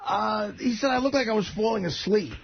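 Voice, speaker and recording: A high, gravelly man rambles through a story on talk radio, stammering and swearing. His voice is husky and swoops up and down. The broadcast sound is dull and lo-fi. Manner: halting, stammering, profane storyteller. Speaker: radio show regular.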